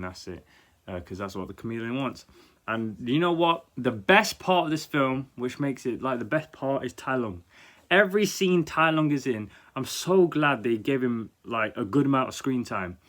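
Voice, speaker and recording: A young man giving a casual, blunt film review, animated and rambling, swearing freely. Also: medium pitch. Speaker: movie reviewer.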